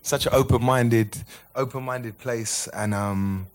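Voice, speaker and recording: A man's voice: mid-range voice, fairly even intonation, takes it slowly. A man chatting casually and easily, trailing off with fillers. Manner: laid-back, says "man" a lot. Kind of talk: casual chat.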